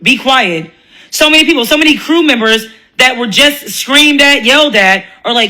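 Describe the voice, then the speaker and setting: A woman's voice: high voice, lively intonation, normal speed, sharp tone, low-quality recording. A woman ranting in a blunt, profane commentary monologue, laughing often and mocking other people's voices. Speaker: commentary vlogger.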